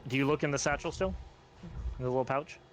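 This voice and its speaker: A man's voice: medium pitch, fast, soft background music. A man narrating as game master of a tabletop game, in a casual, hesitant way with many fillers.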